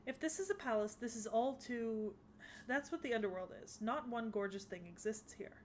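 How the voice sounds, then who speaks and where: A woman voicing a sharp-tongued young goddess who taunts her rival with scorn, in an English anime dub. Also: a little high, expressive, moderate pace, a little hiss or hum, lightly acted. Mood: scornful.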